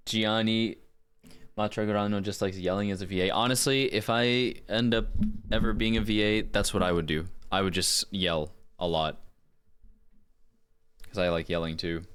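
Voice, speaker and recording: A man chatting casually on a live stream, self-deprecating and quick to laugh. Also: on the low side, steady tone, fairly bright tone, clear, resonant tone.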